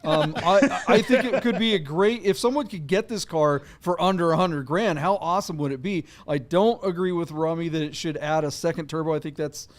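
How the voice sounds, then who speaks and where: A man's voice: on the high side, a little fast, few pauses. A man co-hosting a casual car auction podcast, rambling and correcting himself with lots of fillers. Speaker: podcast co-host.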